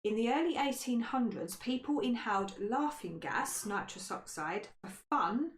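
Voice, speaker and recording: A woman's voice: a little high, animated, moderate pace. A woman hosting a history quiz podcast, reading out stories and tripping over tricky words. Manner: stumbles on hard words. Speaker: quiz host. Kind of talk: casual podcast chat, reading quiz questions. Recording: echoey room, faint noise.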